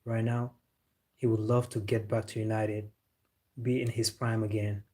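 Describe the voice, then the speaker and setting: A man's voice: lowish voice, flat delivery, measured pace, mellow. A man hosting a live football reaction stream, chatting casually and answering viewers with strong opinions. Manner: opinionated, replying to chat.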